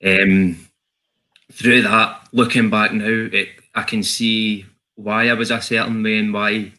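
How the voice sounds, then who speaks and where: Scottish male guest, candid and wry, low bright voice. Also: level tone, slow pace, rough recording. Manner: joking, self-mocking about his accent. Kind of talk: candid personal story.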